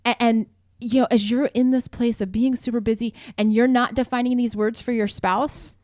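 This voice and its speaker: A woman's voice: on the high side, fairly even intonation, moderate pace, darkish tone, no room sound, clean studio sound. A woman co-hosting a marriage podcast in casual, earnest talk, laughing easily and reading sponsor plugs. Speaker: podcast co-host.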